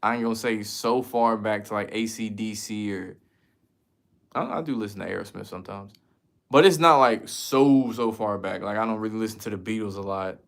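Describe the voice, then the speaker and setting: A man's voice: fairly low pitch, steady tone, moderate pace, gravelly. A man from the United States chatting casually as a streamer, answering viewer questions in a loose, slangy, profane way. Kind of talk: casual chat.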